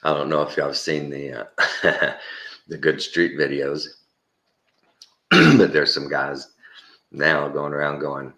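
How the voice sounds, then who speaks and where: A man with a Texan accent and an extremely deep, low voice talks through a casual opinion monologue. He rambles and chuckles, and he repeats words to hammer a point home. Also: takes it slowly, pauses often, pushed and bright. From Texas. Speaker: commentary host.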